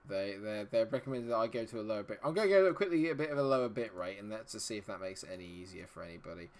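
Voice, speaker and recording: A man's voice: on the low side, lively intonation, racing. A man live-streaming a game, chatting with his viewers and muttering to himself while he checks settings. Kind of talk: live-stream commentary talking to chat.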